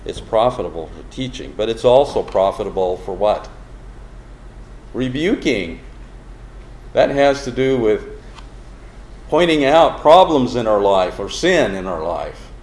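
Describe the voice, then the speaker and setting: A man's voice: on the low side, animated, darkish tone. A man preaching a sermon, explaining a Bible verse word by word and asking the congregation questions as he goes. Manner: slow, deliberate, explains word by word and asks the audience questions. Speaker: pastor. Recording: roomy hall with faint background noise.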